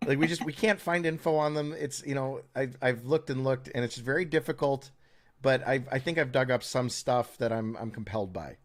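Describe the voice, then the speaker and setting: A podcast co-host from the United States talks briskly at medium pitch. His chat is rambling and opinionated, with a sarcastic edge and many stammered restarts.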